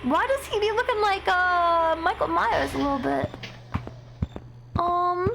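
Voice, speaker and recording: High-pitched excitable woman streamer. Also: a little slow, creaky, background noise. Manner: excitable, profane, shrieks at scares. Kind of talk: live gameplay commentary.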